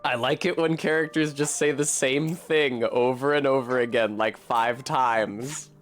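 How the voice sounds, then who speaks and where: A man streaming a game in a mid-pitched voice, talking casually and wryly to his chat with plenty of swearing. Soft game music plays quietly behind him. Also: steady tone, a little slow. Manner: wry, profane, chatty with viewers. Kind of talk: casual gameplay commentary.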